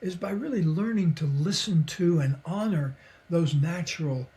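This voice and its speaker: Older guy on a podcast, a bit high-voiced, laid back and thoughtful, laughs a lot and does little voices for his stories. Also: moderate pace, dark tone. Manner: reflective, chuckles often, acts out quoted voices. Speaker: podcast guest, psychologist and author. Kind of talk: relaxed conversational storytelling.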